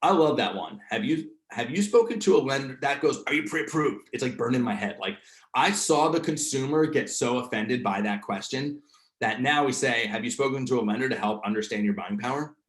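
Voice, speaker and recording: A man's voice: mid-range voice, animated, brisk, reverberant. Casual slangy man with New Jersey accent. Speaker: host leading a real estate training session. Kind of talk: casual coaching talk.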